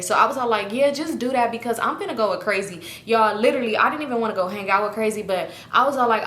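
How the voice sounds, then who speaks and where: A woman's voice: on the high side, pushed and bright, slight background noise. A young woman telling a casual story to her viewers, acting out the quotes in other voices and swearing freely. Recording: echoey room.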